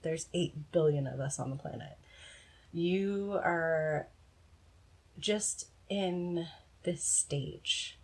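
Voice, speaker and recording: A woman giving a casual, frank pick-a-card tarot reading, encouraging and swearing now and then. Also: sits low. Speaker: tarot reader.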